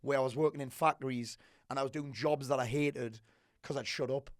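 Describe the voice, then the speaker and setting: A man's voice: medium pitch, fairly quick, no echo, studio quality. A middle-aged man, a business coach on a podcast, chatting casually, swearing freely and joking. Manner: swears freely, animated and jokey.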